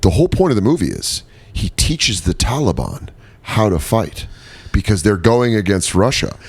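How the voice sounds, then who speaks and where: A man from Colorado, a guest comedian chatting casually on a podcast, telling animated stories full of swearing and quick impressions. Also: on the low side, slightly rough.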